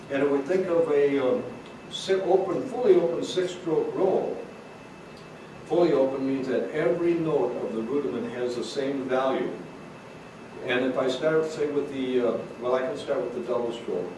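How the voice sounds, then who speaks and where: A man's voice: medium pitch, moderate pace, loud music behind the voice. A man teaching drum rudiments in a recorded lesson, patiently explaining and counting out rhythms. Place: room with drum kit. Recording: roomy echo, distant mic, noisy.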